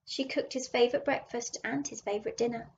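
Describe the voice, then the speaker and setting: A woman teacher reading a children's picture book aloud, adding gentle chatty asides, in a dull lo-fi recording. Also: fairly high pitch, steady tone, brisk, vocal fry, slight background noise.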